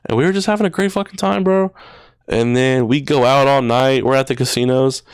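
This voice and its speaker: A young man in his twenties tells a personal story on a podcast, in loose slang and heavy swearing. His voice is smooth and clear at a middle pitch. It is recorded close and dry in a studio. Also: a little fast, dry recording. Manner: casual, swears a lot, says "bro" and "dude". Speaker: podcast guest. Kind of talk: emotional storytelling.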